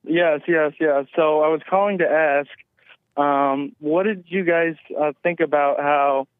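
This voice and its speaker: A man calling into a show from his car, talking in a flat monotone. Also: a little high, a little slow, smooth, no echo. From Western New York. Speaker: caller. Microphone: phone line. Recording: tinny phone line.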